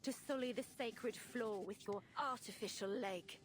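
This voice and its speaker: A woman's voice: a little high, unhurried, slight background noise, lightly acted. A woman voicing a bitter self-loathing young athlete. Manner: harsh, self-berating inner voice, hushed at times. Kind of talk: video game voice acting.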